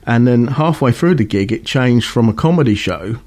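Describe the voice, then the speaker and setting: A man's voice: medium pitch, expressive, moderate pace, darkish tone. A man in casual chat, talking hesitantly with frequent restarts.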